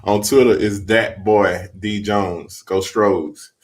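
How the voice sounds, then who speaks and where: A man co-hosting over a video call banters in an easy, joking way. He talks slowly, and his voice sounds distant from the mic, as in remote call audio. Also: lowish voice, fairly even intonation. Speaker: podcast co-host. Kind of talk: casual banter.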